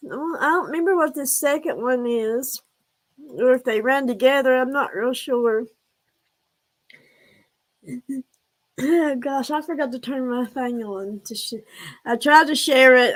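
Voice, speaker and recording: A woman, hosting a casual live stream, hoarse and breathless from laughing, chatty and a bit scattered. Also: high voice, measured pace. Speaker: livestream host. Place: room at home.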